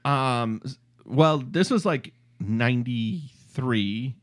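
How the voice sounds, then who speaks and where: A man's voice: mid-range voice, slow. A man in his forties from Michigan, hosting a casual podcast chat, joking and laughing often. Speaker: podcast host.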